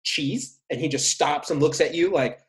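A man's voice: a little high, fairly even intonation, brisk. A man chatting casually with his partner as podcast co-host, jokey and playful, poking fun at himself. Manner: jokey, playful, self-mocking.

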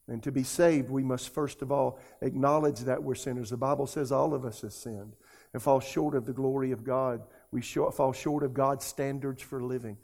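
A man's voice: medium pitch, fairly even intonation, moderate pace, vocal fry, a little mellow. A man, preaching a sermon as a pastor and pleading earnestly with his listeners in an emotional altar call.

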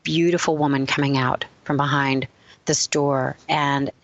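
A woman giving a spiritual talk, retelling a legend in a lively storytelling manner. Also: a bass voice, no echo, muffled recording. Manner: animated storyteller, switching quickly between characters. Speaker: spiritual speaker.

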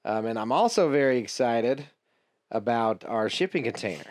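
A man co-hosting a podcast in casual chat, rambling and joking, quick to laugh and swearing freely. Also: mid-range voice, lively intonation, darkish tone, dry recording. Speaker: podcast co-host.

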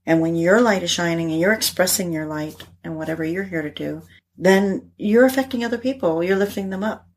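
A middle-aged woman talking casually as a podcast guest. Her voice sits a little low with a faint husky edge. She tells stories in an animated way and laughs often. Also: brisk. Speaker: guest, integrative therapist. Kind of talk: casual conversation.

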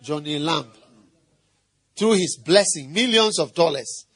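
A middle-aged man preaching a sermon as pastor, animated and playful, quizzing the congregation and mimicking animal noises. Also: on the high side, unhurried.

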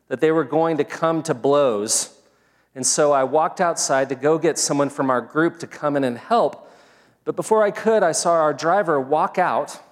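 A male pastor with a fairly high voice gives an earnest, measured sermon, laying out each point in short, deliberate phrases. His words trail into the long reverb of a big church sanctuary. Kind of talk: sermon with opening prayer. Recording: long reverb of a large hall.

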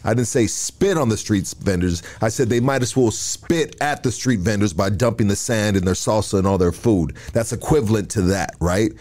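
A man hosts a podcast in a relaxed, casual way, with a low-pitched voice. He asks loose follow-up questions and hesitates here and there as he talks. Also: moderate pace, few pauses. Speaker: podcast host. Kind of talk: casual interview.

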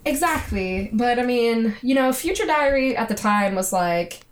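A woman's voice: fairly high pitch, animated, measured pace, slight background noise. Chatty woman telling a story. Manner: chatty storyteller, many fillers. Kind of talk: casual chat.

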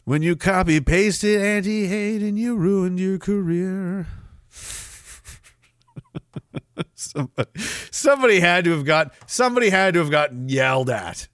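Sarcastic, bright-voiced man. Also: high-pitched, unhurried, long pauses, no room sound, studio quality. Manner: sarcastic, jokey, laughs often. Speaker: podcast host. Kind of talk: casual livestream rant.

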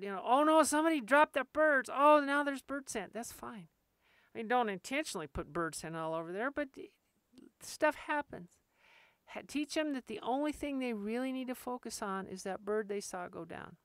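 A woman talks through dog-training advice in a relaxed, direct podcast style. Her voice sits at a middle pitch and comes across smooth and clear. She now and then slips into short acted-out asides. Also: dry recording, studio quality. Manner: direct, practical, acts out quick asides. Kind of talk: casual instructional podcast talk.

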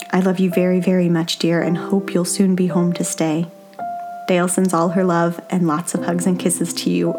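A woman reading old letters aloud in a tender, earnest way. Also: on the low side. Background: faint instrumental music.

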